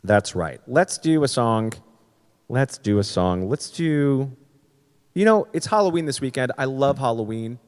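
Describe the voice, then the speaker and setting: A man's voice: medium pitch, animated, measured pace, clean tone, in a large hall. A man hosting his weekly comedy-music livestream from home, rambling in a self-deprecating way with crude jokes. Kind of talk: casual livestream banter. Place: home, streaming.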